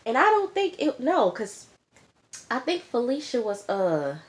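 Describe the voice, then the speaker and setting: A woman's voice: a little high, unhurried. Chatty woman recapping a TV episode. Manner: animated and chatty, tags points with an emphatic "okay?". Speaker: TV reviewer. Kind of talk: casual recap of a reality show.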